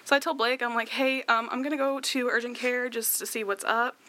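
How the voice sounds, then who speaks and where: A woman's voice: fairly high pitch, fairly even intonation, brisk, bright, forceful tone. A young woman chatting through a personal story, with many fillers and laughs, tearful at times. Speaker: guest sharing her story.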